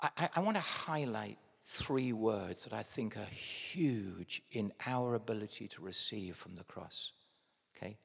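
An English man preaching a sermon to his congregation, animated and direct, dropping to a hush and then bursting out loud. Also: fairly low pitch, measured pace, gravelly, breathy edge, big-room sound. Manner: addresses congregation directly as guys. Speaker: pastor. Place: church hall.

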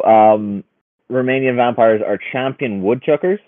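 A man with a fairly low voice chatting on a podcast, meandering and peppering his sentences with filler. His voice comes through a thin, phone-like connection. It sounds dry, with no room. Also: normal speed, dry recording. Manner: rambling, lots of "like". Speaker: podcast co-host. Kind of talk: casual podcast banter. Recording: tinny lo-fi call line.

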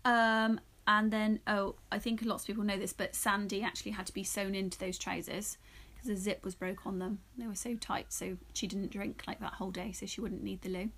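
A woman's voice: mid-range voice, level tone, a little fast, fairly bright tone. A woman co-hosting a casual film podcast, teasing and laughing often. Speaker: podcast co-host. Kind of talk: casual chat film review.

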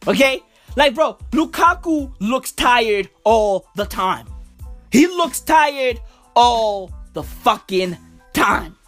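A woman's voice: on the high side, expressive, slow, faint music behind. A woman hosting a podcast, ranting about football in a profane, stammering, overexcited way. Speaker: podcast host. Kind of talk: casual football rant.

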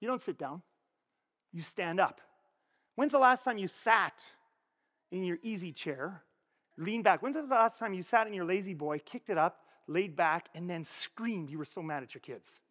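Man, high voice, pastor preaching, lively rhetorical questions, echoing church hall. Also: measured pace. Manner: animated, conversational preaching with frequent rhetorical questions. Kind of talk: sermon. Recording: long reverb of a church hall.

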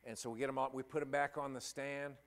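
Emotional preacher with a drawl. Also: male voice, mid-range voice, level tone, vocal fry, fairly bright tone. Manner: emotional, halting, with repeated restarts. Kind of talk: sermon with a personal story.

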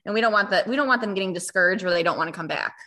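A woman who runs a recreation program chats in an easygoing, hesitant way. Her voice is bright and forward. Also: mid-range voice, rapid-fire. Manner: hesitant, filler-heavy, with light laughs. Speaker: special recreation program leader. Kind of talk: casual chat.

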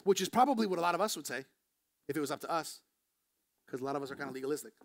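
A man preaching a sermon as pastor, moving between quiet, slow passages and quick, raised emphatic bursts. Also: a little high, lively intonation, gravelly. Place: church.

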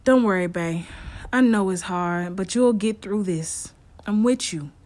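A woman's voice: medium pitch, measured pace, darkish tone, close to an everyday voice. Woman voicing a tender young girlfriend, soothing, storybook.

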